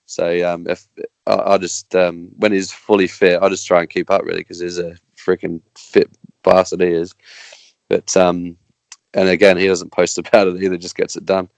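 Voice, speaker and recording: An Australian man, a guest racer, chatting casually on a podcast in a halting, rambling way with many restarts. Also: low voice, flat delivery, creaky, no room sound.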